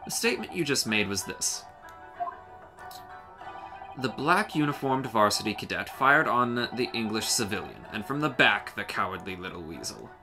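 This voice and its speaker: A man voicing a calm, confident young male legal mentor in a measured, slightly theatrical tone. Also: fairly low pitch. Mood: assured. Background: game music.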